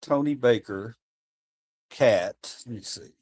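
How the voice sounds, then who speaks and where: A man's voice: medium pitch, takes it slowly, darkish tone, husky. A male streamer in casual chat, rambling and thinking aloud while he searches for a clip.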